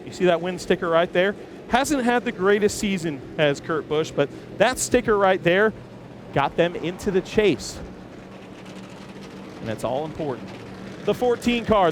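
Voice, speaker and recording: A man hosting live, enthusiastic walk-around commentary in an outdoor race-car garage, chatting with viewers while filming on a camera he holds himself. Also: high voice. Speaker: host. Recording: noisy outdoor garage, engines running. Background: engines and garage noise.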